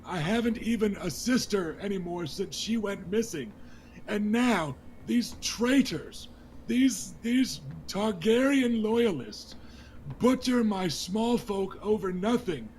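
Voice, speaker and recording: A man's voice: high-pitched, expressive, slow, darkish tone, a little hiss or hum. A man voicing a desperate young noble lord. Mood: pleading. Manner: pleading, voice on the edge of breaking.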